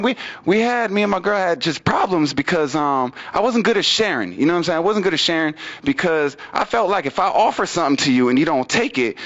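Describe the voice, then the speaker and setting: A man doing open mic stand-up in a fairly high voice, rambling through fillers and repeats. His pitch swings far up and down as he acts out other people. The recording sounds dull and lo-fi. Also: fairly bright tone. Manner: loose, rambling delivery with many fillers and repeats. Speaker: stand-up comedian. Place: small studio stage with audience.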